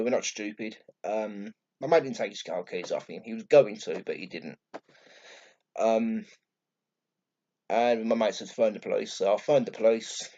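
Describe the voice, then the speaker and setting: A man with a Birmingham accent telling a story to camera in a blunt, sweary, excitable way, acting out what others said. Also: lowish voice, dull audio. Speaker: vlogger. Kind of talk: casual storytelling vlog.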